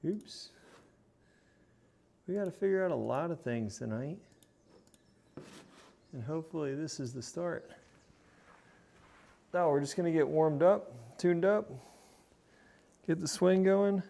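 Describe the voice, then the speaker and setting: A man's voice: on the high side, measured pace, gravelly, long pauses, mellow. A man streaming from his home golf simulator, casually talking viewers through his practice swings and repeating his points. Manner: coaching, talks to viewers as a group, repeats himself. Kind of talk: casual commentary while hitting practice shots.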